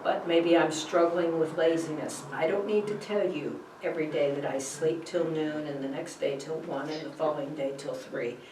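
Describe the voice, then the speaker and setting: A middle-aged woman teaching a Bible college class, lively and coaxing, often checking in with her students. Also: low voice, normal speed, hardly any pauses, background noise. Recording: echoey classroom from far off.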